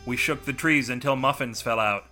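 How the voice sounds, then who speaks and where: A man hosting a comic podcast and reading his own short story, full of sardonic, self-mocking deadpan asides. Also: medium pitch, moderate pace, soft background music.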